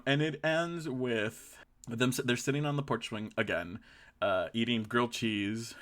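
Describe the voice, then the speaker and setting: A man in easy conversation as a podcast co-host, eager and gushing as he recaps a story. His voice sits at an ordinary middle pitch, and he laughs freely between thoughts. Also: measured pace, fairly bright tone, slight background noise. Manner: chatty, gushing, laughs often. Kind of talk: casual chat about fan fiction.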